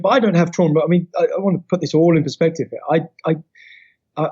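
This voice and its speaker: A man with a London accent, a podcast guest telling his life story in an animated way, with many fillers and restarts. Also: a little high, slightly rough, dull audio. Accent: London English. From England. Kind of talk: casual interview chat.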